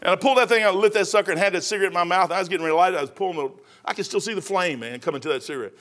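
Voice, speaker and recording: High-voiced folksy preacher man. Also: very fast. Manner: folksy storytelling preacher, swings from loud to hushed. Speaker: pastor. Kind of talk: sermon.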